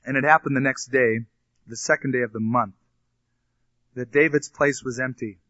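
A man's voice: mid-range voice, fairly even intonation, normal speed, pushed and bright, no room sound, lo-fi sound. A male pastor teaching a Bible passage, reading scripture aloud and then explaining it in plain, casual asides. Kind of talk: expository Bible sermon.

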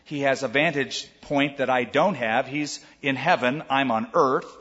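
A man's voice: mid-range voice, a little slow, lo-fi sound. Older male pastor in an echoey hall. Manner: conversational, animated preaching with asides to the audience. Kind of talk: sermon.

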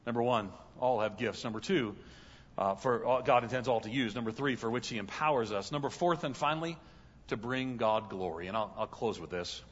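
A guest pastor preaching a sermon in a large church, telling stories and building to loud, fervent peaks. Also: male voice, mid-range voice, a little fast, slightly rough, long reverb tail, lo-fi sound.

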